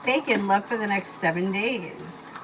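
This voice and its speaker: At home, a tarot reader with a mid-range, slightly slow voice gives a live-stream reading. She reads viewer questions aloud, then answers casually and loosely with fillers, in a noisy home recording.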